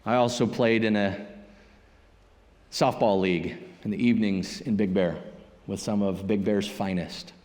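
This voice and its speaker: A man preaching a sermon as a pastor, telling a story in a conversational, animated way. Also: on the low side, measured pace, in a large hall. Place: church sanctuary.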